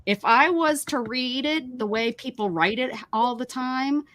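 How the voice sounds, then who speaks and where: A woman's voice: high-pitched, measured pace, a bit bright. A woman hosting a craft livestream, chatting casually and ranting emphatically about her pet peeves. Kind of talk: casual chat.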